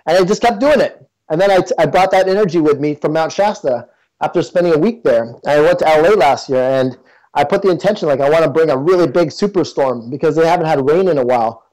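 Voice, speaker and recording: A man's voice: on the high side, fast, darkish tone, low-quality recording. A man being interviewed as a guest, talking casually and earnestly, with many fillers and restarts. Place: in Toronto.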